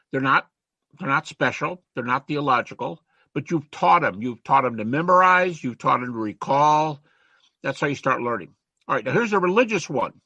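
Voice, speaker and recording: A man's voice: fairly high pitch, pushed and bright, dry recording, lo-fi sound. An older man giving an informal, conversational lecture to students, with emphatic quoting and asides. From United States.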